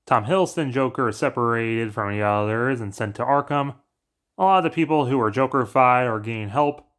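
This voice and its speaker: A man casually narrating a plot recap in a brisk, offhand way. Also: mid-range voice, fairly bright tone. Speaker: narrator pitching story ideas.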